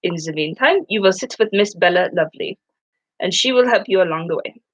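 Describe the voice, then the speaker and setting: Woman reader playing a stern seventy-year-old professor with a German accent, slow and flat, in a dry close recording. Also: on the low side, slightly rough, dry recording, low-quality recording. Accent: put-on German.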